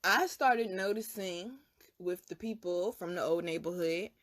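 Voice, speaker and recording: A woman's voice: fairly low pitch, unhurried. A young woman hosting her own channel, telling a personal story in a casual, emphatic, profane way. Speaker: vlog host, spiritual reader.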